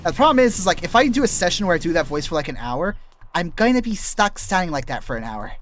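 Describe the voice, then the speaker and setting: A man's voice: high voice, sing-song, quick pace, a bit bright. A male streamer rambling casually while he plays, trailing off and restarting often. He explains voice-acting tricks like a laid-back teacher, and his throat sounds dry and scratchy. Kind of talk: rambling gameplay stream chat.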